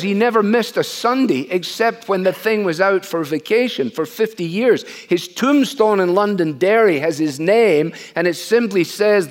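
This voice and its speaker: A middle-aged or older man preaching an expository sermon. He is earnest and conversational, often pausing on "uh" and asking rhetorical questions. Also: sits high.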